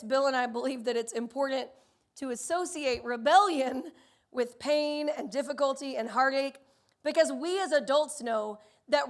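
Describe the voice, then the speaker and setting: High-voiced woman preaching with animated storytelling. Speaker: pastor. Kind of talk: sermon.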